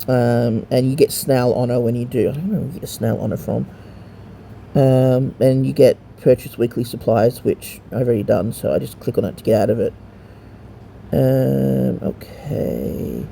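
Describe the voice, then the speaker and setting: Dark, gravelly-voiced man rambling through gameplay. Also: mid-range voice, moderate pace, a little hiss or hum. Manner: rambling and hesitant, many ums and restarts; swears casually. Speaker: mobile gamer showing a game to a friend. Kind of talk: casual gameplay walkthrough.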